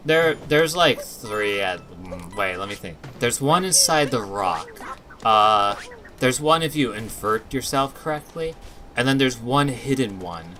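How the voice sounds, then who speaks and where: A man's voice: medium pitch, expressive, measured pace, crowd noise. A man guesting on a casual let's-play, opinionated and ranty with jokey teasing. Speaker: guest co-commentator.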